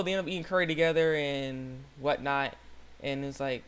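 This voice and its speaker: A young man hosting his own channel, retelling an episode in a rambling, excitable way with lots of fillers and restarts. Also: medium pitch, normal speed, smooth. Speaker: channel host. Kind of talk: casual anime episode recap.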